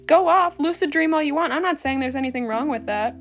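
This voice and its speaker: A woman's voice: high-pitched, lively intonation, a little fast, faint music behind. Blunt, sarcastic young woman ranting. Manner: blunt, sarcastic, swears and laughs often. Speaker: podcast host. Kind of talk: casual solo podcast rant.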